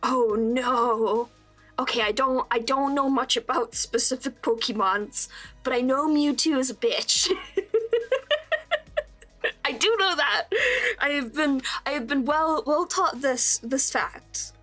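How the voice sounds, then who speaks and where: A woman's voice: high voice, a little slow, pushed and bright, soft background music. A young woman streaming while she draws, chatting casually in a rambling, self-deprecating way and laughing often.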